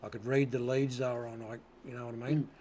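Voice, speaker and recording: A man's voice: mid-range voice, level tone, quick pace, darkish tone, slight background noise. A man with an Australian accent telling rodeo stories as an interview guest, laid-back, swearing freely and often asking "you know what I mean". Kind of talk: casual storytelling.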